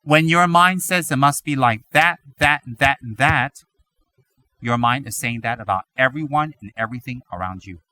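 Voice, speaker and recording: A man giving a Buddhist teaching, animated and full of rhetorical questions, now and then mimicking other people's voices. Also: medium pitch, brisk, few pauses, no echo. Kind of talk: dharma talk.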